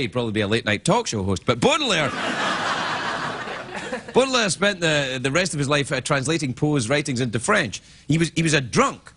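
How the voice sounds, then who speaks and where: A Scottish man in his fifties, a late-night talk show host rambling through a self-mocking comedy monologue, breaking into loud squawking impressions. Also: fairly high pitch, a little hiss or hum. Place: TV studio with live audience.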